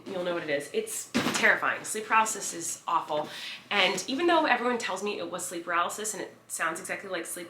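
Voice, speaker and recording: A bright, forceful woman in her thirties chats to her viewers in a loose, rambling way, stacking "like" and "um" as she goes. Her voice carries a roomy echo. Faint background noise sits under it. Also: lowish voice. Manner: rambling, animated, lots of fillers and "like". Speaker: vlogger. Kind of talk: casual chatty vlog storytelling.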